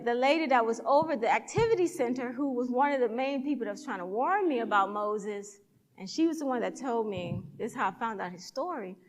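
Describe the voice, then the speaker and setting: A woman's voice: fairly high pitch, big-room sound. A woman speaker at a church event, telling a personal story in a sermon and acting out the dialogue with animation.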